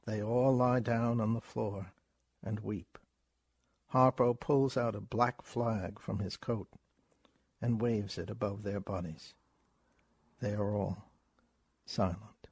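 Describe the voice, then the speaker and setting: A man's voice: on the low side, steady tone, slow, long pauses, darkish tone, breathy edge, dry recording. A man reading a comic prose piece aloud in a plain narrating voice. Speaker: reader.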